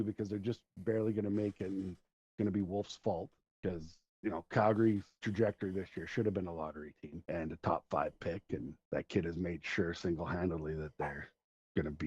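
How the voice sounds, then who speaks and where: A man's voice: low-pitched, fairly even intonation, a little fast, a little mellow, slightly rough. A middle-aged man hosting a podcast, telling long rambling stories in casual chat and laughing along the way. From Central Alberta, Canada. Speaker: podcast host. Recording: dull lo-fi recording.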